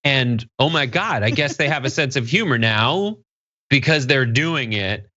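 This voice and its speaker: A man's voice: mid-range voice, animated, measured pace, pushed and bright, no room sound, dull audio. A man co-hosting a political commentary show, rambling and joking as he talks. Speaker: co-host.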